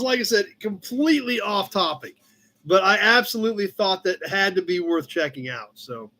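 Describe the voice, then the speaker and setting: A man's voice: high-pitched, very animated, measured pace, bright, forceful tone. A man hosting a casual live chat from his shop office, rambling through an old car magazine and chatting to his cat along the way. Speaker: livestream host.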